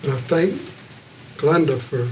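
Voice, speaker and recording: A man telling stories at a community panel evening, earnest and plain-spoken, pausing often. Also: a little high, animated. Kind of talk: heartfelt public storytelling. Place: gathering room with an audience. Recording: distant mic, faint room noise.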